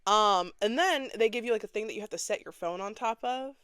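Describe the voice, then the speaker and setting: Sassy woman telling a story, smooth dry voice. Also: mid-range voice, a little fast, fairly bright tone, dry recording. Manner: dramatic, sassy, acts out other people's lines. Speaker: podcast host. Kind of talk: casual storytelling monologue.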